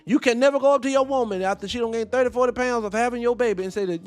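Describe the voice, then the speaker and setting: A man's voice: extremely high pitch, very fast, soft background music. A man giving heated, profane reaction commentary, firing off rhetorical questions.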